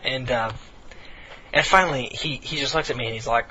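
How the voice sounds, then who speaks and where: Bright-voiced teenage guy telling a rambling story. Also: mid-range voice, a little fast, muffled recording, slight background noise. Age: late teens. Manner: rambling, laughing and swearing casually. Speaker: game commentator. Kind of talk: casual storytelling commentary.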